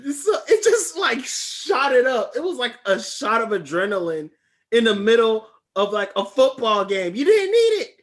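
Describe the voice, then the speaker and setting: Animated man telling a story. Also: high voice, unhurried. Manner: animated storytelling, shouts and laughs when excited. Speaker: podcast co-host. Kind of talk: excited casual reaction chat.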